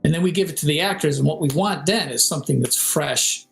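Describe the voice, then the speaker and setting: A man's voice: on the high side, quick pace, gravelly, soft background music, rough recording. An older man, a game composer and audio director, talking casually in an interview. He tells stories with energy, sings melodies and imitates voices. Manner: animated storyteller, sings melodies and mimics voices. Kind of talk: casual interview over video call.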